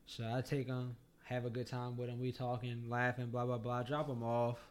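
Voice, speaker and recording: A man co-hosting a podcast, telling a story in a casual, animated way, swearing a lot and laughing as he goes. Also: moderate pace. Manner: animated, profane storyteller, voice jumps high when excited. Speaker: podcast co-host.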